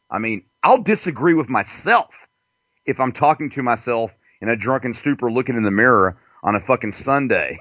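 A man's voice: medium pitch, moderate pace, no echo. A male host chatting loosely and crudely, his voice swinging widely up and down as he rambles through fillers. The recording is dull and lo-fi, and it sounds very dry and close, with no room around it. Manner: animated, profane, rambling with fillers. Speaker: show host. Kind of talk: crude casual radio chat.

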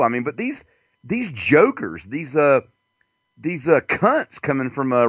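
A man's voice: fairly high pitch, husky, no room sound. A male host chatting loosely and crudely, his voice swinging widely up and down as he rambles through fillers. The recording is dull and lo-fi, and it sounds very dry and close, with no room around it. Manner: animated, profane, rambling with fillers. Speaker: show host. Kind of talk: crude casual radio chat.

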